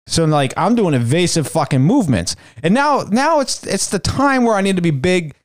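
A man hosting a podcast, telling a rambling, profane story in casual chat with animated quoted asides. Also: high-pitched, normal speed, no echo, clean studio sound. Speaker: podcast host.

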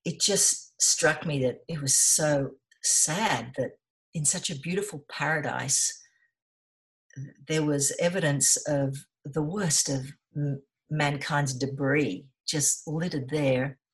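A middle-aged woman speaking as an interview guest, telling her story in an earnest, passionate way. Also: deep voice. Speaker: interview guest, environmental volunteer. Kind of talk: conversational interview.

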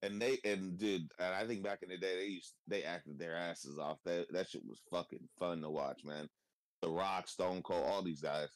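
This podcast co-host's voice sits low and steady at a normal speed, recorded without echo. He chats casually, rambling on with frequent fillers and cursing.

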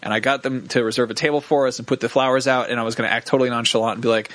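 A young man on a comedy podcast, telling a long story in a quick, profane, animated way and acting out bits of dialogue. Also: mid-range voice, dry recording. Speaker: podcast co-host.

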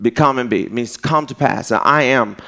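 A pastor preaching a sermon in a loose, conversational way, with folksy asides. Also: male voice, mid-range voice, normal speed, sharp tone.

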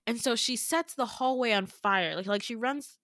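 A woman's voice: fairly high pitch, normal speed, dry recording, studio quality. Casual young woman retelling a dream. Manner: animated, casual, swears freely. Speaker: podcast host.

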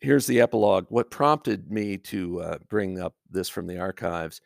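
Older american guy doing his podcast, low and gravelly, kinda wry, dry close mic. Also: normal speed, dry recording. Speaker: podcast host. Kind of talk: solo podcast commentary.

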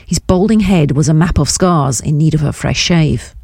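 A woman narrating a novel in a measured, descriptive audiobook reading. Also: low voice, vocal fry, darkish tone, no echo, clean studio sound. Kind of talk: scripted narration.

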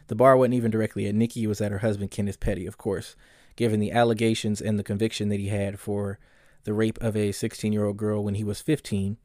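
A man's voice: fairly low pitch, level tone, fast, darkish tone, no echo, clean studio sound. A man hosting a solo commentary podcast, ranting bluntly and profanely, often getting heated. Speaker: podcast host.

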